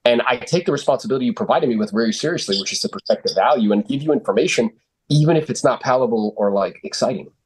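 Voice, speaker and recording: A man's voice: mid-range voice, lively intonation, racing, breathy edge. A man coaching real estate agents on sales calls, blunt and confident, swearing freely and using lots of fillers.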